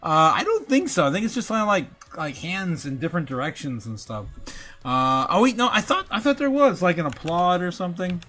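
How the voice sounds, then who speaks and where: A man's voice: high-pitched, sing-song, a little fast, bright, forceful tone. A man hosting a livestream, laughing often and chatting loosely with many fillers as he reads the chat. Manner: giggly, filler-heavy, reads chat aloud. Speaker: livestream host.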